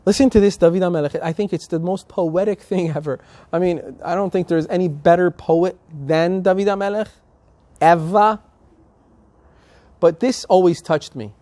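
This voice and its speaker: A man's voice: high voice, fairly even intonation, normal speed, warm tone, no room sound. Emphatic male rabbi giving a sermon. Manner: emphatic, rising to passionate appeals. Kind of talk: sermon with storytelling.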